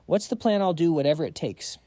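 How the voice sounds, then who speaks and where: A loyal henchman with a short temper, in a recap story, voiced by a male narrator. He comes across as hot-headed. The voice is mellow and a little high, recorded dry. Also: lively intonation, fairly quick, no echo, close to an everyday voice. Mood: eager.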